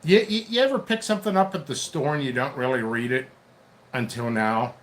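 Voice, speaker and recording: A man's voice: medium pitch, fairly quick. A man hosting a casual solo vlog, rambling and chatting to himself as he works in a basement. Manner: rambling, chatty, talks to himself while working. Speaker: pepper seed seller and channel host.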